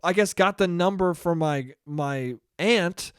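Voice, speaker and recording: A man's voice: high-pitched, slow pace, smooth, no room sound, studio quality. A young man hosting a casual solo podcast, rambling and swearing freely in an amused tone. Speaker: podcast host.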